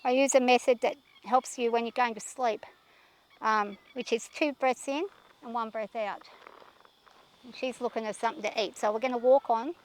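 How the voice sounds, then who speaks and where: A woman talking while riding her horse outdoors, shaky and anxious, talking herself through her nerves and calming the horse. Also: fairly high pitch, normal speed. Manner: nervous, talks herself through, soothes the horse. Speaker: horse rider vlogger.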